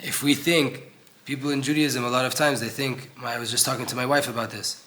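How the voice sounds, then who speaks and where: A man's voice: mid-range voice, flat delivery, a little fast, fairly bright tone. A young man teaching an informal Torah class in an old synagogue, earnest and conversational, acting out voices when he quotes people.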